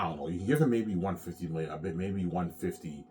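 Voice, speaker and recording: Very deep-voiced rambling man. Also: fairly quick, a little mellow, distant mic, a little hiss or hum. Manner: repetitive, keeps saying "man" and "yeah". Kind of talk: rambling casual monologue.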